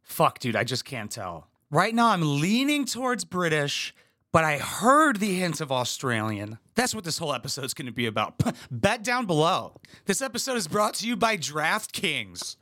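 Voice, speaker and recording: A man rants through a crude comedy reaction, sarcastic and full of swearing. His voice is bright and edgy, sitting a bit high for a man and swooping all over as he mocks what he watches. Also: very animated, normal speed. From United States. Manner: profane, sarcastic, mocking. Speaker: commentary YouTuber.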